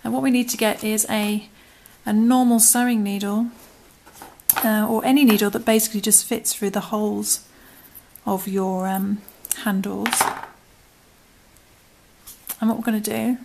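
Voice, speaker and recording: A British woman talks through a crochet tutorial in an easy, conversational way. Her voice has a gravelly fry, and her words often trail off into murmurs as her hands get busy. Soft clicks and a faint background hiss sit behind her. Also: medium pitch, flat delivery, moderate pace. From United Kingdom. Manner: chatty, often trailing into murmurs and whispers while working. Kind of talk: casual step-by-step craft tutorial.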